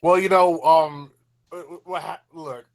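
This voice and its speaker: Joking tabletop player, higher-voiced man. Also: fairly even intonation, measured pace, vocal fry. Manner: joking, teasing. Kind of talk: casual game chat.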